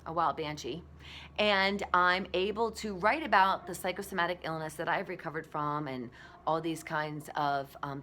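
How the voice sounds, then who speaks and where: A woman in her forties, a blogger giving a candid, animated motivational talk. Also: lowish voice, a little hiss or hum.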